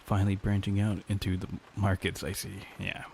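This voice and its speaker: A young man streams with a low, gravelly, slightly mellow voice, talking fairly quickly in a completely flat delivery. He chats casually and profanely with his live chat, loose in manner and full of "like" and "dude." There's slight background noise.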